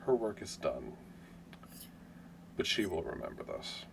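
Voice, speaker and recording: A man's voice: sits low, very animated, unhurried, creaky, noisy background. A man running a tabletop game as game master, narrating casually with hedges.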